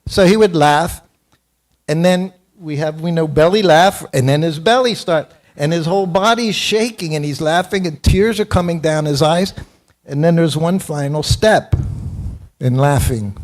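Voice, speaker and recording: A man's voice: fairly high pitch, measured pace. A man in his seventies giving a morning temple class, telling personal stories in an anecdotal, self-deprecating way and chuckling often. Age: 70s. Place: temple hall.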